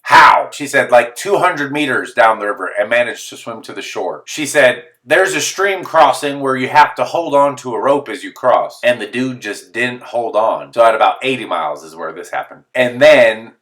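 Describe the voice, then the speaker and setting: A man's voice: medium pitch, normal speed, hardly any pauses, recorded from a distance. A man telling a comedic story in a monologue, full of exaggerated disbelief and acted-out quotes. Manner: animated, exaggerated disbelief, acts out quoted voices.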